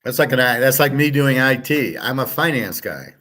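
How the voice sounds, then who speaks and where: A man's voice: mid-range voice, expressive, normal speed, fairly bright tone. Blunt, cursing sports-betting host, man. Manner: blunt, profane, rambling. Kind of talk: casual betting picks talk.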